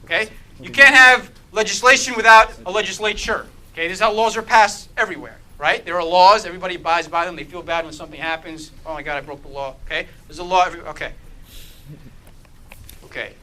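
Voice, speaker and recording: A man's voice: high-pitched, fast talker, poor audio. A man leading a group talk on faith, quizzing the audience with constant "okay?" checks and playful asides. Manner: lively and animated, with a playful humor. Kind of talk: interactive apologetics talk.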